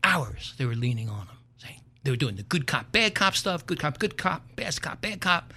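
An older man hosting a show, telling a comic story in a wry, animated way and chuckling at his own tale. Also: fairly high pitch, normal speed, breathy edge. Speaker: podcast host.

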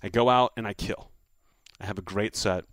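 A man's voice: fairly low pitch, moderate pace, no echo. A man who is a comedian guest, telling a story in casual chat and acting out the quotes. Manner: animated anecdote teller, acts out quotes.

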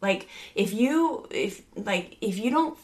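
A woman's voice: medium pitch, expressive, takes it slowly. A woman in her thirties, a parenting speaker, talking earnestly in a casual podcast conversation, rambling with many fillers and restarts.

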